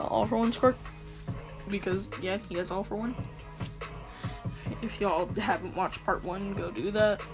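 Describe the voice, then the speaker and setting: Slow, rambling woman retelling a story. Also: mid-range voice. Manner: rambling, giggly. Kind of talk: casual fan-fiction retelling. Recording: home recording with music underneath.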